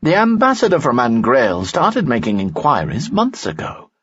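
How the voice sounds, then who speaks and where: A man voicing a wry, knowing middle-aged informant, his voice raised above his own narration, with a husky sound on a dull, lo-fi recording. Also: medium pitch, huge pitch swings, moderate pace, fairly bright tone, voice pushed up, heavily acted.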